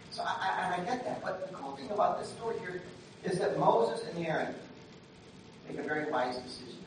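The recording picks up a pastor from a distance in a very echoey church hall with a little noise, his conversational sermon veering between quiet asides and loud, emphatic bursts. His voice sits high, is expressive, and moves fairly quickly.

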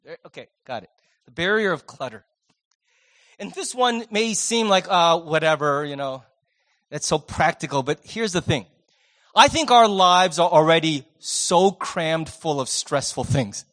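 Animated male pastor preaching. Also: on the high side, measured pace. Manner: animated, swings from loud emphasis to soft near-whispers. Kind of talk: sermon. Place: church sanctuary.

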